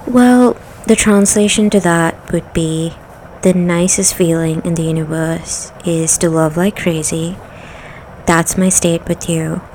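A woman's voice: fairly low pitch, level tone, a little slow, darkish tone, slight background noise, low-quality recording. A woman from the United Arab Emirates with an Arabic accent, reading out questions to camera and answering each one plainly. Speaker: vlogger doing an accent challenge.

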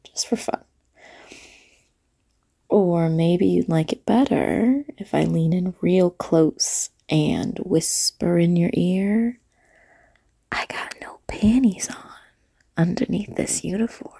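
A woman playing a flirty late-night diner waitress in an audio role-play, talking to the listener in a teasing way with breathy asides. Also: fairly low pitch, slow, mellow, full character voice.

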